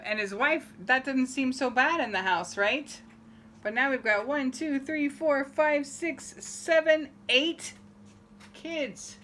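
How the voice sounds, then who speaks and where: A woman's voice: high-pitched, slight background noise. A woman reading a picture book aloud to children, acting out the story and asking them questions. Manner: animated, asks listeners questions, acts out the story. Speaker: storybook reader.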